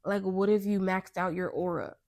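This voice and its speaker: A young American woman talks alone into her podcast mic in a loose, earnest ramble and keeps stopping to rephrase herself. Her voice sits at an ordinary pitch with plenty of gravelly vocal fry. The sound is close and dry, with no room around it. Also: steady tone, normal speed, a little mellow, no room sound. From United States. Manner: rambling, self-interrupting, earnest. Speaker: podcast host. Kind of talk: casual podcast monologue.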